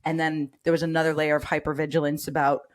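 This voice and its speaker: A middle-aged woman, a nurse and educator, telling her personal story as a podcast guest, animated and acting out quoted voices. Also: deep voice, fast.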